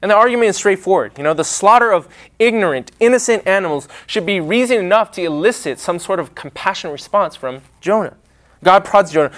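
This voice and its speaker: A man preaching a sermon, with a dramatic, emphatic delivery and pauses. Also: high-pitched, expressive, fairly bright tone.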